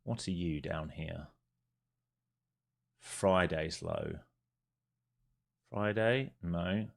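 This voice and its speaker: A man with a notably low, deep voice talks through his day trades live as the market moves. He keeps up a quick, running commentary from his trading desk. When a trade goes his way he bursts into loud, excited cheering and swearing. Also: gravelly. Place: home trading desk with several monitors.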